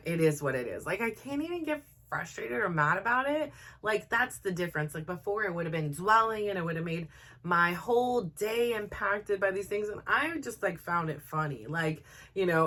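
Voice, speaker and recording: In this casual storytelling monologue, a podcast host, a middle-aged woman, tells something from her own life. Her mid-range voice is lively and talkative, sprinkled heavily with filler words.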